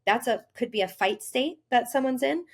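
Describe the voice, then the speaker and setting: A woman hosting a health podcast, talking earnestly in a casual monologue and acting out inner voices with sudden lifts in pitch. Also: lively intonation, normal speed. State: briefly tearful. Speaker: health coach and podcast host.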